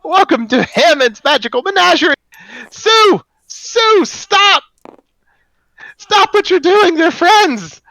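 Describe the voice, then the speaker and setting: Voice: extremely high pitch, animated, slow, sharp tone, no room sound, pitched above the performer's own voice, heavily acted, low-quality recording. A game master voicing a cheery male elemental made of stones who works as a tour guide, gushing and eager to please. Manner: gushing, eager to please, repeats his welcome.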